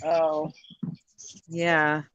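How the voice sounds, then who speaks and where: A woman's voice: low voice, completely flat delivery, drawn-out words, a bit bright, muffled recording, slight background noise. A woman hosting a casual livestream chat. She sounds tired, swears often and laughs easily. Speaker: livestream host.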